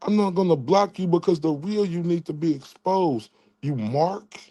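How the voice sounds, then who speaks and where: A man's voice: fairly high pitch, moderate pace, mellow, no room sound. A man hosting his own stream, taunting and mocking someone in a trash-talking rant, often stammering and repeating words. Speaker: channel host.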